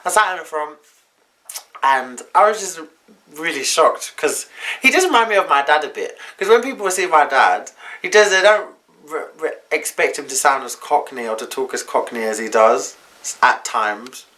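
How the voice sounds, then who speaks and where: A man's voice: a little high, expressive, moderate pace, bright, forceful tone. A young man telling a personal story to camera in a casual, slangy, candid way. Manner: chatty, slangy, candid retelling. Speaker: vlogger.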